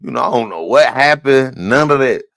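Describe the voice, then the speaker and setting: Stream host: fired-up man, swings between loud outbursts and mutters, dry close mic. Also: mid-range voice, animated, normal speed, creaky, no echo. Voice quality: profane, heated ranting. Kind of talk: casual ranting commentary.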